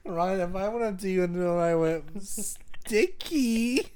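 A man's voice: sits high, fairly even intonation, moderate pace. A man co-hosting a podcast, teasing and cracking jokes with casual swearing. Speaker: podcast co-host. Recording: loud background noise.

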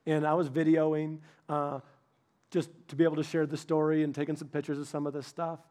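Man, middle-aged, pastor, sermon, higher voice, animated storytelling, restarts, joking. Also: brisk.

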